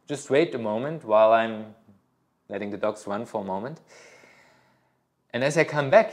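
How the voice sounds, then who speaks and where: A man's voice: mid-range voice, animated, normal speed. A middle-aged man, a yoga teacher, talking casually at a studio workshop, rambling with many fillers and restarts.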